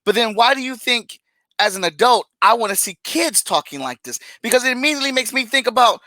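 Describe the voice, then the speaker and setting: A high-pitched man with a bright, sharp tone holds forth in a casual podcast chat. He rants with animated exasperation, breaking into laughs between points. The sound is dry and close. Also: fast talker, no echo, poor audio. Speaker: podcast co-host.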